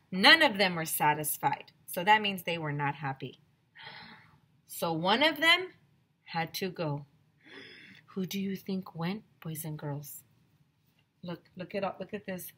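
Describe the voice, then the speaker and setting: A woman teacher reading a picture book aloud to children, expressive and gasping with excitement, with chatty asides to the class. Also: fairly low pitch, slow pace.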